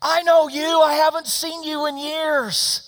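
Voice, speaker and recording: A man voicing an excited teenage girl in a sermon story, gushing in a high, breathless voice. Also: a little slow, full character voice, rough recording. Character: excited little teenage girl raised from death.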